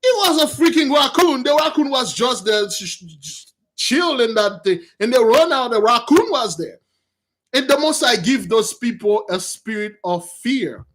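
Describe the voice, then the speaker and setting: A man hosting casual religious commentary on news stories, rambling and animated, calling his listeners brothers. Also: extremely high pitch, normal speed. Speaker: channel host.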